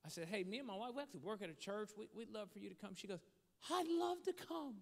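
A man telling a story as a motivational speaker, shifting from animated to hushed. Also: high-pitched, rapid-fire, creaky. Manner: animated storytelling that drops to a hushed voice for serious moments. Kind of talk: storytelling sermon. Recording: long hall reverb.

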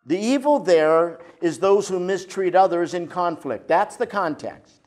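An older man preaching a sermon as a pastor, moving between emphatic points and soft, intimate asides. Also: sits high, measured pace. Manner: expressive preaching, drops to soft intimate tones.

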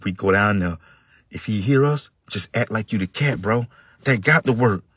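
Man voicing a bold oldest brother, scheming, hushed low voice, bright. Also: moderate pace, slightly rough, dry recording.

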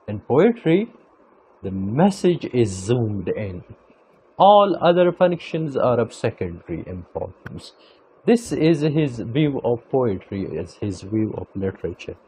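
A man lecturing in a slow, measured way, stressing key phrases by repeating them. His voice sits at an ordinary middle pitch. A faint hiss of background noise runs under the recording. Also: mellow, rough recording. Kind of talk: academic lecture.

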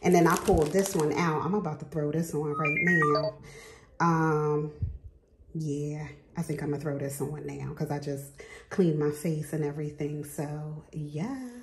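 Chatty woman vlogger with a lowish voice. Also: steady tone, a little slow, noisy background. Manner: chatty, calls viewers "girl", laughs often. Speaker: beauty vlogger. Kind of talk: casual chat to camera. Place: bathroom at home, sitting on the tub.

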